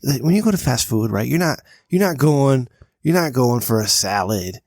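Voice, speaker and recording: A man's voice: medium pitch, animated, normal speed, creaky, no room sound, clean studio sound. A man co-hosting a casual comedy podcast, ranting with plenty of swearing and emphasis. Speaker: podcast co-host.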